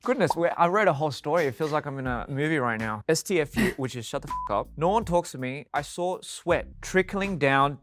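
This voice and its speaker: A man's voice: a little high, animated, brisk, few pauses, fairly bright tone, soft background music. A man reading fan tweets aloud and reacting to them, amused and playful and laughing often.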